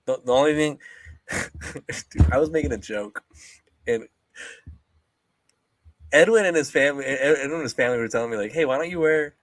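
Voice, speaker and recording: Animated young man, swearing, dry sound. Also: medium pitch, brisk, pauses often, dry recording. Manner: animated, swears a lot, mocking impressions. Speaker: podcast co-host. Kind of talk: casual chat.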